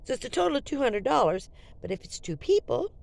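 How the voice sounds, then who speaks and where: A woman's voice: high voice, sing-song, fast, vocal fry, a little mellow, pitched above the performer's own voice, heavily acted. An older woman retelling a vague, evasive drifter woman. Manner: vague, hesitant, full of fillers.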